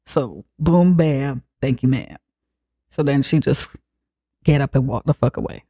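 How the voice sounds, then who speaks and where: A podcast host giving a comic, profane recap of a film, acting out the characters' lines with lively swings. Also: mid-range voice, a little slow, slightly rough, no room sound, studio quality. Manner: profane, animated retelling with acted-out quotes.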